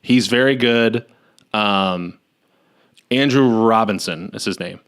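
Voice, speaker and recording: A man's voice: fairly low pitch, slow pace, clear, resonant tone. A man co-hosting a comedy podcast, recapping a horror film with jokes and self-mocking asides. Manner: animated, jokey, self-mocking, sudden outbursts. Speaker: podcast co-host. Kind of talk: casual comedy podcast chat.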